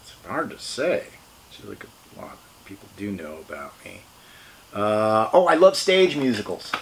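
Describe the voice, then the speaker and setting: A man's voice: on the low side, huge pitch swings, moderate pace, creaky, a little hiss or hum. Rambling, laughing man. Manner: rambling, laughing, swearing freely. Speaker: interview guest. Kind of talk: casual chat.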